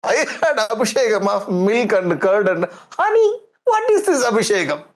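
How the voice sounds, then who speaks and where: A man's voice: high voice, lively intonation, moderate pace. A man with an Indian English accent voicing an indignant demon-king father who scolds his son in disbelief. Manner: scolding, incredulous.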